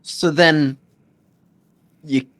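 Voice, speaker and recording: A man in casual podcast chat, picking apart a list with halting restarts. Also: a little high, fairly even intonation, a bit bright.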